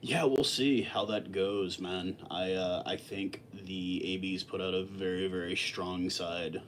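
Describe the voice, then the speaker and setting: A man with a low voice chats casually on a livestream, rambling along with plenty of fillers and restarts. A faint hum of room noise sits behind him. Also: fairly even intonation, unhurried. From lives in Texas. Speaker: livestream host. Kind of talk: casual live chat with viewers.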